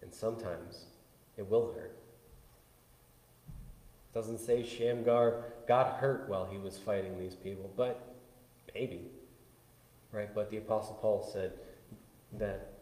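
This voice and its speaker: A man pastor preaching a conversational sermon, swinging between loud bursts and hushed asides. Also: on the low side, steady tone, takes it slowly, long pauses. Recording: echoey hall with long reverb.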